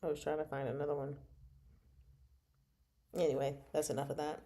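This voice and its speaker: A young adult woman hosts a casual book chat, reading and reacting to a novel playfully and laughing often. Her voice is low and warm, her delivery flat and fairly quick.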